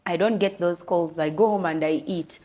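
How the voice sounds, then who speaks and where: A young Ugandan woman, an interview guest, telling a candid personal story in an earnest, lively way. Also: fairly low pitch, normal speed. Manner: switches between English and Luganda, lively and earnest.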